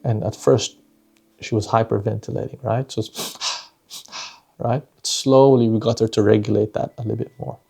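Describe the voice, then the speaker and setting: A man's voice: lowish voice, steady tone, normal speed, gravelly, dark tone, husky, soft background music. A man, a father, telling a personal parenting story in a reflective, conversational way, often tagging his sentences with "right?" and "you know".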